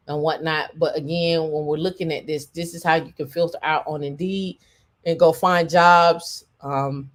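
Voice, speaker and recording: A woman hosting a casual tech livestream, talking in a rambling way with many fillers and restarts. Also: deep voice. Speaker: show host.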